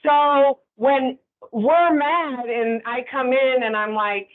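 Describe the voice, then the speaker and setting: High-voiced woman teaching a class. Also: steady tone, slow. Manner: conversational, checks in with "right?" often. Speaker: instructor. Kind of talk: classroom training lecture. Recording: tinny phone-like sound.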